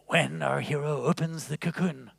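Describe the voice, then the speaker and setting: A man doing a hushed old nature documentary narrator. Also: fairly high pitch, fairly even intonation, vocal fry, husky, voice pushed down, full character voice. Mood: hushed reverent. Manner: slow, reverent, hushed narration. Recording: long reverb of a large hall.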